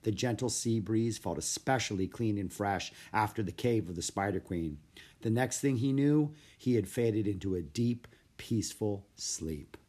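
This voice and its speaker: A man reading a children's storybook aloud in an expressive, lively narration. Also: lowish voice, moderate pace. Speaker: audiobook narrator.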